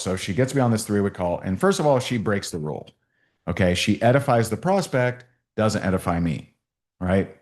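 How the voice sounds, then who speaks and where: A man's voice: fairly low pitch, a little mellow. A man giving a sales training talk, telling stories and acting out both sides of phone calls.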